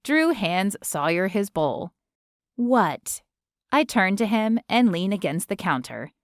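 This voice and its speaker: A woman narrating an audiobook in the first person with a measured, reflective delivery. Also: mid-range voice, very animated, no echo, clean studio sound.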